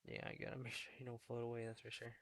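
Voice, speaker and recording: A young man streaming a fantasy football update in casual chat, talking low and half-whispered in a hallway indoors. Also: completely flat delivery, rapid-fire. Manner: low, half-whispered talk, chatting with viewers.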